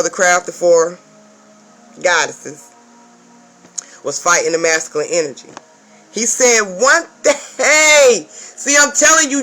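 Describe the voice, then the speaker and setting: A woman's voice: on the high side, sharp tone, poor audio. Woman, spiritual advisor, profane emphatic vlog rant, piercing tense voice, faint music behind. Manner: profane, emphatic, keeps checking in with "okay?".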